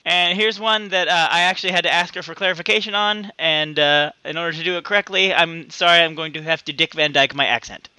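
A playful man co-hosting a comedy podcast and reading out listener jokes. His voice is high and very bright, and it swings widely in pitch. The sound is dry and close. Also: fast, hardly any pauses, clean tone, no room sound, rough recording. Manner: animated, playful, slips into silly voices. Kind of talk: casual comedic banter.

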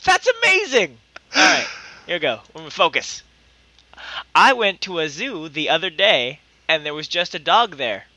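A man's voice: fairly high pitch, sing-song, a little slow, bright, forceful tone, dry recording, low-quality recording. A young man co-hosting a casual podcast, joking around and laughing often. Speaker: podcast co-host. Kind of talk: casual banter.

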